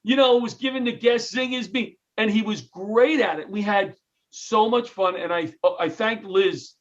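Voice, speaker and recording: At a moderate pace, a middle-aged New Yorker, a guest who is a comedian and retired firefighter, tells jokey, animated stories in an interview, voicing other people's lines. The sound is a little dull and lo-fi, and his voice is high for a man.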